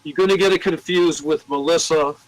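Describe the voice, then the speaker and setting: A man chatting in a record store, his speech loose and profane. His voice sits a bit high, and he tells stories about customers with lots of animation. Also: steady tone, a little fast, no echo, low-quality recording. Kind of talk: casual chat, telling store anecdotes.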